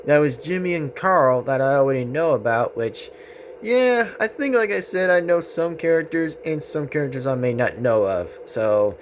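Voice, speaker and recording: A man's voice: a little high, animated, moderate pace, slight background noise. A young man giving a rambling, earnest tribute monologue on his channel, repeating himself often. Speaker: vlogger.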